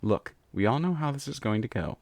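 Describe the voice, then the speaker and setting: A man's voice: medium pitch, lively intonation, a little fast, a little mellow, dry recording, lightly acted. A man reading a pony story aloud and voicing a stern female alicorn princess who speaks curtly and holds back her anger. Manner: curt and barely holding back anger.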